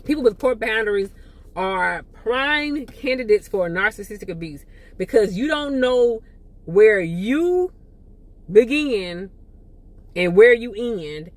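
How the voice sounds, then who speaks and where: A woman's voice: medium pitch, lively intonation, measured pace, no echo. A woman podcast host teaching a monologue in a casual, repetitive way, often acting out short quoted asides.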